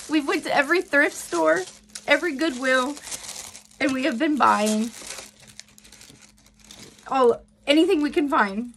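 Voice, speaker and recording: A woman in her thirties unboxing a gift on a phone camera, gushing with thanks between slow, halting fillers. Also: sits high, fairly bright tone, a little hiss or hum. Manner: gushing and grateful, many fillers. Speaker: beauty seller unboxing a gift. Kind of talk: casual unboxing vlog.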